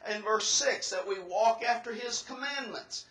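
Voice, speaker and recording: A preacher delivers a methodical, step-by-step sermon in a high, bright man's voice. The sound rings through a roomy church hall, and he works through each point like a teacher. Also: measured pace. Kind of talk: expository sermon.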